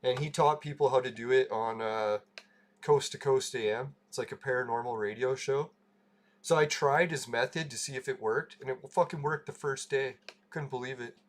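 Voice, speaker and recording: A man's voice: medium pitch, moderate pace. Guy on his home livestream rambling thru a story, laughs a lot, swears casually. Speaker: livestream host.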